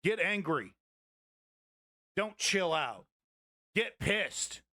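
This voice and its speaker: A man's voice: high-pitched, very animated, drawn-out words, pushed and bright, dry recording, clean studio sound. A man hosting a live political commentary stream, ranting heatedly and swearing at his chat.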